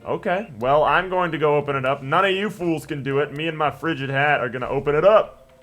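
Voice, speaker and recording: Young male let's-player, slightly high voice, rambling and jokey, faint game music behind. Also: brisk, a bit bright. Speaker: gaming channel host. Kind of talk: let's play commentary, reading dialogue aloud.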